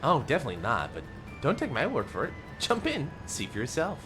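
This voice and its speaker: A man's voice: fairly high pitch, huge pitch swings, a little fast, over music, pitched above the performer's own voice. A man voicing a playful male game character who teases a friend, in a raised, teasing voice.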